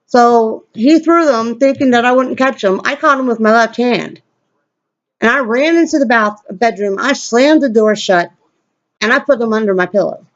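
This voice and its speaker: A woman telling a story to a camera at home, blunt and profane, acting out quoted lines in a higher voice. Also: lo-fi sound. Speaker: vlogger. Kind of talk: casual storytelling rant.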